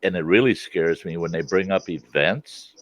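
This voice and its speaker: Around a campfire outside, a middle-aged host with a deep voice keeps a casual conversation going at a moderate pace. He laughs a lot and tells stories with plenty of animation, captured in a dry, dull, lo-fi recording.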